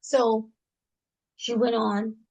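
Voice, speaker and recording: A middle-aged woman from Washington D.C., a hair stylist, chatting casually in an interview and telling animated stories, laughing often and acting out the voices of the people she quotes. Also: a little high, extremely slow, gravelly.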